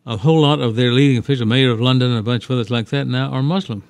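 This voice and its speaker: A man's voice: medium pitch, racing, no echo, studio quality. A man hosting a casual radio talk show, rambling and hesitant with lots of fillers and opinions.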